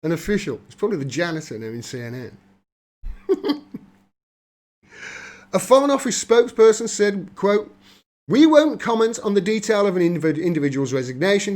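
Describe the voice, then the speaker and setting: A man's voice: on the high side, darkish tone. A man reading news articles aloud and breaking off into sarcastic, laughing commentary, as the host of a political livestream. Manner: mocking, laughs often, reads then riffs.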